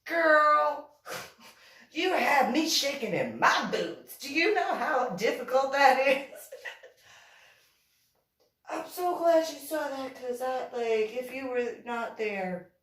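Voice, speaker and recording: A squealing, excitable young woman, as a storyteller puts her on, gushes in a high, breathless voice full of laughter. She is heard from across a roomy, echoing space. Her words tumble out in excited bursts. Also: takes it slowly, long pauses, full character voice. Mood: gushing. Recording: echoey room, distant mic.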